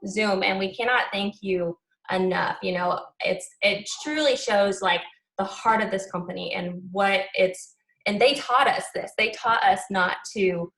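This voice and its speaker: A woman's voice: mid-range voice, measured pace, fairly bright tone. A woman hosting a video call, thanking her guest in a gushing way with hesitant restarts. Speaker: host. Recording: roomy, distant video call audio.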